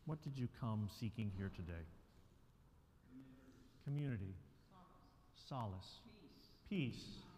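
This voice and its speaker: Man, pastor, calm inviting sermon voice, long church reverb. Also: lowish voice, slow, long pauses. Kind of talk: sermon and prayer. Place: church sanctuary. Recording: reverberant church with faint room noise.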